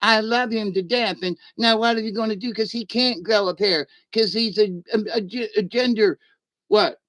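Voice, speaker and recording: A touchy, defensive grown son pleads and rambles in a raised, whiny voice, as a man puts him on. His pitch sits well above an ordinary speaking voice and his delivery stays rambling and close to complaining. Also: normal speed, a bit bright, no echo.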